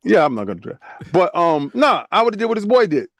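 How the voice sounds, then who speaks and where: Emphatic high-pitched male co-host. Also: sing-song, fairly quick, a bit bright, no room sound, studio quality. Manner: emphatic, repeats his point for effect. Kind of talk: casual podcast chat.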